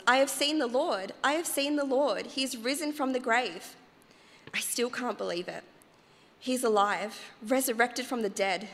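A woman's voice: mid-range voice, natural voice. Woman voicing an earnest woman disciple, church reverb. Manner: earnest, emotional first-person telling. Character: grieving then joyful woman disciple, earnest. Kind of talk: dramatic monologue reading in church.

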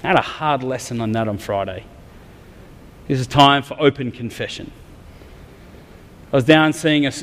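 Aussie bloke giving a sermon, chatty storytelling w a bit of humor, long echoey hall sound. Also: male voice, mid-range voice. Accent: Australian. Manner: conversational, candid storytelling with humor. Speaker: preacher. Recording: long reverb of a large hall.

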